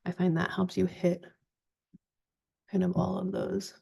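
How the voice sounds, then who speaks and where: Gravelly, husky woman in her forties. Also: lowish voice, measured pace. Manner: chatty, relaxed step-by-step instructions. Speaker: makeup vlogger. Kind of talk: casual makeup tutorial.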